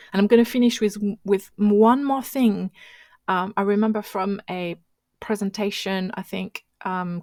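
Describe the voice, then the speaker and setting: A woman with mid-range pitch talks a listener through speaking exercises from home, in a dry, close recording with almost no room sound. English is not her first language. She explains things in a patient, chatty way and sometimes stops to restart a phrase. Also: darkish tone, no echo. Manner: instructive, conversational, with frequent restarts. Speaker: podcast host and marketing coach. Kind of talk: solo coaching podcast talk.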